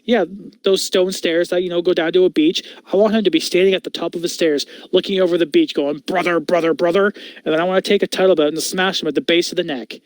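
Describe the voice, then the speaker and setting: A man's voice: high-pitched, fairly even intonation, quick pace, dry recording. A man co-hosting a podcast, ranting in exasperation and swearing in casual chat.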